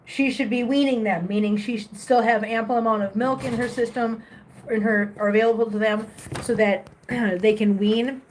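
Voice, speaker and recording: A woman with a fairly high voice, chatting to her live-stream audience at home. She rambles a little and restarts her sentences, talking easily and plainly about the cats around her. Her tone stays relaxed and informal. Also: moderate pace, a little hiss or hum. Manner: switches to a high cooing baby voice for the cats. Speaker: cat rescuer hosting a live stream. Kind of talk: casual live-stream chat.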